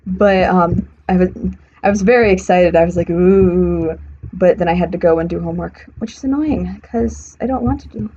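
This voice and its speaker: Rambling as she builds, a young woman streams a game and keeps revising her sentences midway. Her voice is lowish and warm, a bit fast, with hardly any pauses. The recording has a faint hiss and sounds slightly muffled.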